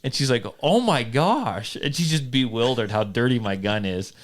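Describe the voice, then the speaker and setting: A man's voice: medium pitch, animated, moderate pace. Laughing, self-mocking male podcast host. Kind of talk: casual chat. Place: home studio.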